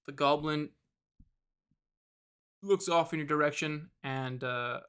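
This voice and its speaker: A game master describes scenes in a tabletop game. The voice is bright and clear. The delivery is hesitant and breaks off into fillers and short laughs. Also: mid-range voice, slow pace.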